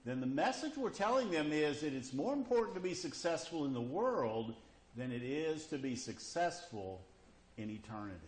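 Male preacher, lively pitch, questioning delivery, roomy echo. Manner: questioning, repeats "okay?" and "you see?". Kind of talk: sermon. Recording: echoey room.

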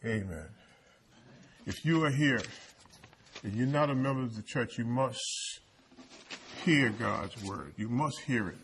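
A man's voice: medium pitch, animated, unhurried, long pauses, slight background noise. A man preaching a sermon, repeating his points and asking the congregation rhetorical questions. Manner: repetitive call-and-response preaching with rhetorical questions.

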